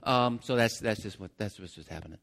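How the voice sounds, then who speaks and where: A man's voice: on the low side, brisk, creaky, a bit bright, long reverb tail. A man preaching a sermon, retelling a story with restarts and asides to the congregation. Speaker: pastor.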